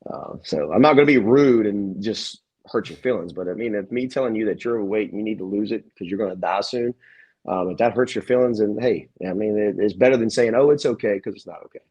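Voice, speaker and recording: Man, gym owner guest, husky voice, rambling with lots of restarts and fillers. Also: sits low, darkish tone, rough recording. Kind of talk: casual interview chat.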